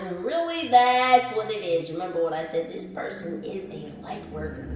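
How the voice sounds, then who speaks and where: A woman giving a casual spiritual tarot reading, animated and laughing, who swears freely and calls her viewers the collective. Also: mid-range voice, normal speed, hardly any pauses, background noise. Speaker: tarot reader. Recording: very echoey room.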